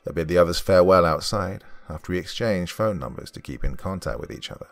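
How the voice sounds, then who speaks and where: A man narrating a horror story in an expressive, scripted storytelling way. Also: low voice, quick pace. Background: faint background music.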